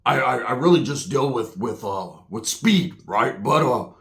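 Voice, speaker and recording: A man putting on the voice of a blustery, crude drug dealer who calls everyone brother, gruff and loud. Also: mid-range voice, lively intonation, measured pace, pitched below the performer's own voice. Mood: scheming.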